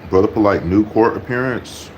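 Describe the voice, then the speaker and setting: Low-voiced man ranting with heavy profanity. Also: moderate pace, slight background noise, poor audio. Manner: blunt, mocking, swears constantly. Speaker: YouTuber.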